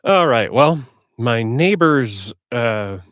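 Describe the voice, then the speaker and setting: A man's voice: medium pitch, lively intonation, takes it slowly, no room sound, studio quality. A man with a slightly scratchy voice, rambling casually to himself as he sets up a live stream. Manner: rambling self-talk while setting up software. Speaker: streamer and audiobook narrator. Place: home recording setup.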